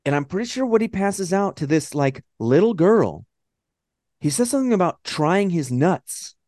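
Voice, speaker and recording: A man from Texas with a Texan accent, co-hosting a casual movie-review podcast and ranting in a profane, animated way. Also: high-pitched, normal speed, no room sound, studio quality. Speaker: podcast co-host.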